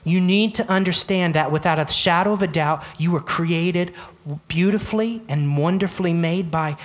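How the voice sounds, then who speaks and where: Brief: earnest sermon delivery, middle pitch, direct and repetitive. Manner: earnest, emphatic, repeats key phrases, addresses the church directly. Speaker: pastor.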